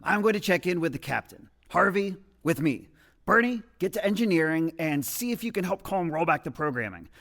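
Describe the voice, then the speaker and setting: A man's voice: sits high, lively intonation, fairly quick, fairly bright tone. A man playing an exasperated commanding officer in a comedy radio play, giving orders.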